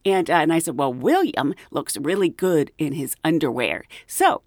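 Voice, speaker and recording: A woman hosts her podcast in a loose, chatty storytelling style, full of ums and uhs. Her voice sits on the low side, but her pitch leaps around with lively emphasis. The sound is close and dry, with no room around it. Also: moderate pace, no room sound. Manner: chatty, animated, giggly, lots of ums and uhs. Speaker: podcast host, flight attendant. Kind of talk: casual storytelling monologue.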